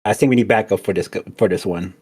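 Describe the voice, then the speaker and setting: Husky low-voiced man player. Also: fast talker, darkish tone. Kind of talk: tabletop role-play chat.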